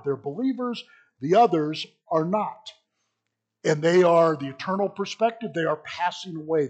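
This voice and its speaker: A man's voice: fairly high pitch, slightly rough. A man preaching a sermon, reading scripture aloud and then explaining it in plain, conversational asides. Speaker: pastor.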